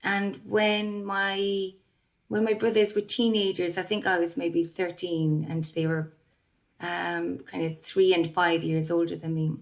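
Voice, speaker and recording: A woman speaks as a singer-songwriter guest on a podcast. Her voice sits low, and she talks in a reflective, unhurried way, stopping often to restart her sentences. The talk is relaxed and casual. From Ireland. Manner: reflective, many fillers and restarts. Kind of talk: casual interview chat.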